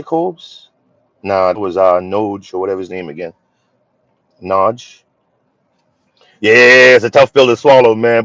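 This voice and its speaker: A man chats loosely with his viewers, his voice sitting on the low side. He rambles in an easygoing way, trailing into fillers and starting sentences over. The sound is dull and lo-fi, captured dry on a phone with no room around it. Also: dry recording. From Philadelphia, USA. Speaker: livestream host. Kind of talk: casual live chat with viewers.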